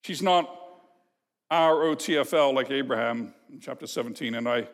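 A man preaching an expository sermon as a pastor, teaching in an emphatic, measured way and posing rhetorical questions to the congregation. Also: mid-range voice. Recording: long reverb of a large hall.

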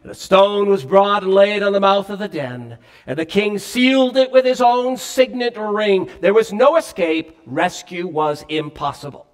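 High-voiced preaching man. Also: lively intonation, unhurried, hardly any pauses. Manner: earnest preaching with emphatic rises and falls. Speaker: pastor. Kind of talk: sermon.

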